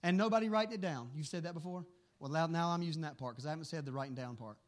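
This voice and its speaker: A man preaching and telling stories in an earnest, animated way, often repeating words as he goes. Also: on the high side, very fast. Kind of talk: storytelling sermon.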